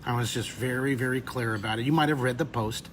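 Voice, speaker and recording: A man's voice: medium pitch, fast talker, fairly bright tone, a little hiss or hum. A man in his fifties teaching drawing on a live webcast, rambling into emotional stories between drawing steps. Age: 50s.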